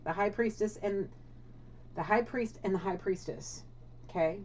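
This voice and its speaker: A woman's voice: medium pitch, unhurried, a little mellow, slight background noise. A woman giving a casual spiritual tarot reading, blunt and swearing, often checking in with "okay?". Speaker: tarot card reader. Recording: dull lo-fi audio.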